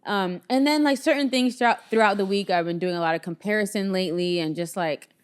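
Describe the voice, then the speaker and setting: A woman's voice: mid-range voice, quick pace, clean tone. A woman co-hosting a podcast in casual chat, talking in a chatty storytelling way and laughing often. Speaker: podcast co-host.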